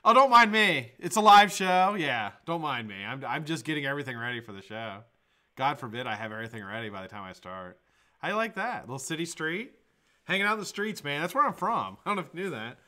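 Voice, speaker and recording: A man's voice: medium pitch, big pitch swings, fast talker, pushed and bright. A man hosting his daily live vaping show from home, chatting casually, joking and swearing as he rambles. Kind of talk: casual live-stream chat. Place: home room with green screen.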